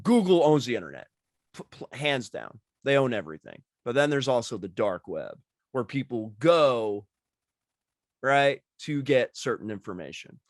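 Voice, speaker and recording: A man's voice: medium pitch, very animated, normal speed, no echo, clean studio sound. A man speaking as a podcast guest in casual chat, rambling and leaning on filler words.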